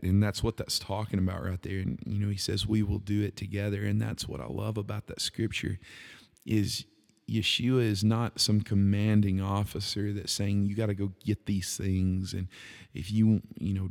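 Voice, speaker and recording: A man's voice: fairly low pitch, vocal fry, darkish tone. A man hosting a podcast, talking earnestly and conversationally about faith and worship, with frequent fillers and restarts. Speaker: podcast host and worship leader. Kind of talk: casual devotional talk.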